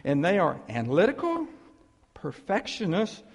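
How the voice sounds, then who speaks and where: A male pastor giving a conversational sermon, animated, checking in with the listeners and asking "okay?" again and again. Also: medium pitch, moderate pace, vocal fry, big-room sound.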